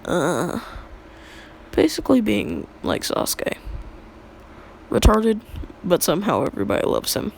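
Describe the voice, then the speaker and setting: A woman's voice: fairly low pitch, sing-song, unhurried, vocal fry, pauses often, slight background noise. Rambling young woman telling a story. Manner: rambling, filler-heavy, laughs at own jokes. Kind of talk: casual fan-story retelling.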